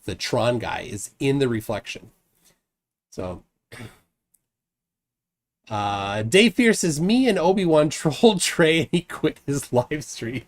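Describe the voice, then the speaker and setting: A married adult man hosts a livestream, chatting casually and reading viewers' comments aloud in a mid-range, sing-song voice. He speaks slowly, pauses often, and rambles with frequent restarts and fillers.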